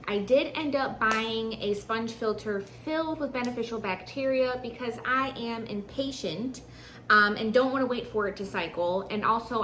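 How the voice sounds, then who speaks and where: A woman chatting casually to camera in a home vlog, excitable and chatty, talking to viewers like friends. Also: on the high side, a little hiss or hum, rough recording. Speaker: vlogger.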